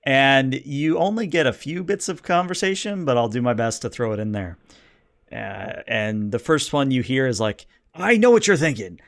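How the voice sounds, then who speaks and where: A man at a middling pitch runs a tabletop game, describing the scene at a relaxed pace. His delivery is loose and conversational, with small fillers as he sets up each moment. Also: moderate pace. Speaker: game master.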